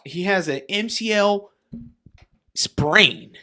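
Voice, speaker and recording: A man's voice: high-pitched, animated, extremely slow, bright, forceful tone. A man co-hosting a sports podcast in casual, profane, jokey chat, laughing often. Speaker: podcast co-host.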